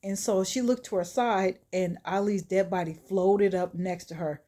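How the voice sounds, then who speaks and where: A woman's voice: mid-range voice, normal speed. Chatty woman telling a horror story. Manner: chatty, animated, with fillers. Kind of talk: casual spoken storytelling.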